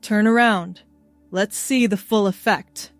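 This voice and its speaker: A woman voicing a smug, drawling young male roommate in an audio story, a little lower than her narration. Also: steady tone, slow pace, dry recording, faint music behind. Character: Ryan, teasing young man roommate.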